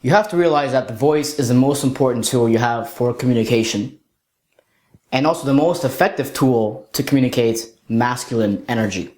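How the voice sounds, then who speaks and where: A young man coaching other men in a lesson-style talk, sometimes showing off high and deep voices. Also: fairly quick, a little mellow. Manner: demonstrates voices, jumps to falsetto and deep tones. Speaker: dating coach. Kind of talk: instructional talk. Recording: roomy echo.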